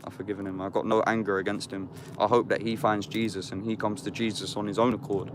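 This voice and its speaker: A man's voice: lowish voice, flat delivery, fast talker, background noise. A man of about thirty, vlogging casually outdoors in the woods, reading scripture aloud and reflecting on it in slangy, sweary street talk. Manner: slangy street talk, swears often, calls the listener "bruv". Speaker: YouTuber.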